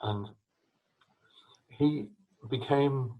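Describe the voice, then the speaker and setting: An older English man with a husky voice, answering interview questions over a video call from home in a rambling, anecdotal way. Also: medium pitch, extremely slow, narrow, tinny audio. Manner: rambling, anecdotal, with restarts and coughs. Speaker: trombonist and mouthpiece maker, interviewee. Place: his home.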